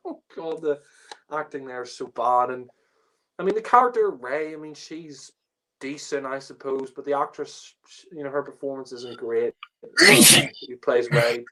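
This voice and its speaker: A man's voice: mid-range voice, normal speed, long pauses, a bit bright. Man, casual review rant, exasperated, swearing, lots of fillers, laughs often.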